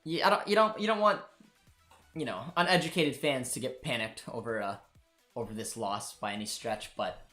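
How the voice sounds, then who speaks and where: Faint music sits behind this Canadian man as he hosts a football watchalong live, wandering through casual talk with viewers and his producer. His mid-range voice moves at a moderate pace and sounds pushed and bright.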